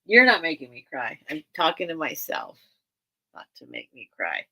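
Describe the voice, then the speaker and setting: Woman livestream seller, raspy fry under a bright voice, rambling and sincere. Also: deep voice, huge pitch swings, moderate pace. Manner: rambling and earnest, many restarts. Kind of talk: casual livestream chat with viewers.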